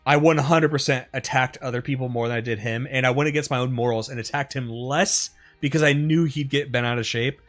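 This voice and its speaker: A male streamer rambles through stories while he plays, swearing freely and leaning on fillers. His voice sits at an ordinary middle pitch. Faint game music hums behind him. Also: a little fast, few pauses. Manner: rambling, profane, animated retelling with frequent fillers. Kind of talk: casual storytelling over gameplay.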